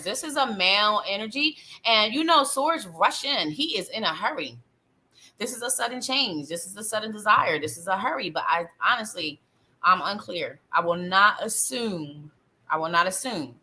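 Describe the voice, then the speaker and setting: Bright, chatty woman doing tarot readings. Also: medium pitch, low-quality recording. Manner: chatty, playful, talks straight to the viewer; laughs often. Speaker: psychic reader hosting a live show. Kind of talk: live tarot reading chat.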